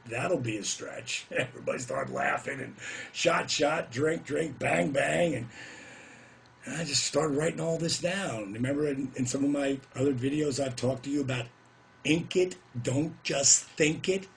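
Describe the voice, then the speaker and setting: A middle-aged man telling a story to camera in a casual, animated way, whooping now and then and putting on voices for the people he quotes. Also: on the high side, moderate pace, creaky, slight background noise.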